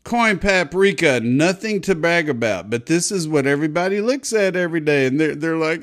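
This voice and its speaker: A talkative man in his fifties from Texas, hosting his own show with blunt, salty commentary. His voice sits a little high for a man, and his loudness keeps rising and falling as he talks. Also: expressive, normal speed, few pauses. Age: 50s. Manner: blunt, profane, chatty with swings of loudness. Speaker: crypto show host. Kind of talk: casual morning video commentary.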